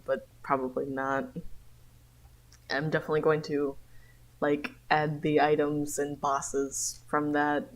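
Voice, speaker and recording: A young woman livestreaming a read-along of her own comic, just woken up, reading slowly and often breaking into giggles. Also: deep voice, low-quality recording. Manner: giggly, trailing off into laughter. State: just woke up.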